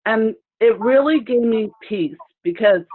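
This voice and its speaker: A woman's voice: a little high, expressive. A woman recounts a personal story with emotion. She halts and restarts often as she rambles along. Her voice arrives over a tinny, phone-like video call line. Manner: rambling, halting, with many restarts. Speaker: participant sharing a story.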